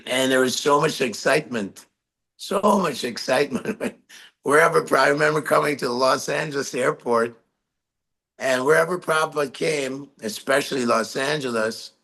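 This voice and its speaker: A man giving a talk, telling anecdotes with frequent laughter and animated delivery. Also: medium pitch, low-quality recording. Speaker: lecturer recalling memories. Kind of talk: storytelling talk.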